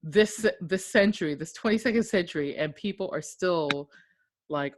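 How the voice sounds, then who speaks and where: A woman's voice: low voice, normal speed, no echo. A woman from Okinawa co-hosting a podcast, telling stories in casual chat, swearing freely and acting out the voices of the people she quotes. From Okinawa, Japan. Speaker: podcast co-host.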